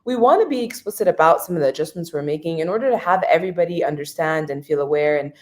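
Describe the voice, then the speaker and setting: A woman with a fairly low voice hosts a conversational interview. She talks in a chatty, eager way, with plenty of fillers and restarts as she builds up her questions. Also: lively intonation, quick pace, a little mellow. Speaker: host interviewer.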